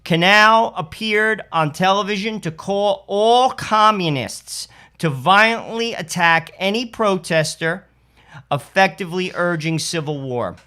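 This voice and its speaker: Forceful man reading news. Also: fairly high pitch, lively intonation, measured pace. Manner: reads quotes with rising force. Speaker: podcast co-host. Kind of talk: political commentary, reading news.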